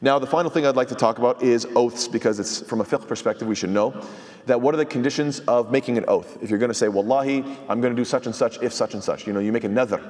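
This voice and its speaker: A man's voice: mid-range voice, quick pace, a little mellow, big-room sound. A man, an imam, giving a sermon-style commentary on scripture, explaining step by step, quoting Arabic and asking rhetorical questions.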